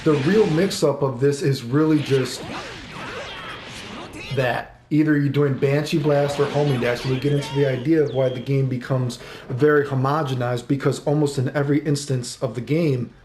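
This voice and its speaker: A man's voice: mid-range voice, steady tone, moderate pace. A man giving casual commentary on a fighting game while playing, rambling, swearing often and quoting his own thoughts. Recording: echoey room with music behind.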